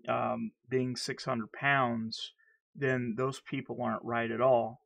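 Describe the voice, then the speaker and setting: A man's voice: mid-range voice, a bit bright. A man in a candid personal vlog, talking earnestly and heatedly, stuttering and repeating himself. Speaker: vlogger.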